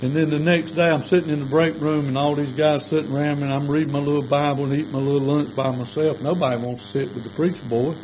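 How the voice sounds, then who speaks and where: A man's voice: on the high side, steady tone, quick pace, few pauses, noisy background. An older man, preaching a sermon as a folksy, plainspoken storyteller.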